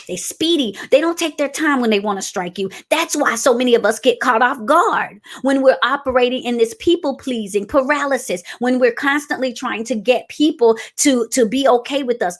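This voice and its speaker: A woman giving a motivational sermon in a preaching style, emphatic and repeating her key phrases as she calls out to the audience. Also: fairly high pitch. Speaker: speaker.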